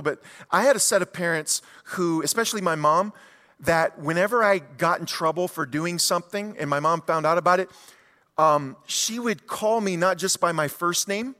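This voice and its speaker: A man preaching a sermon as a pastor, telling stories in an animated way and putting rhetorical questions to the congregation. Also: on the high side, in a large hall.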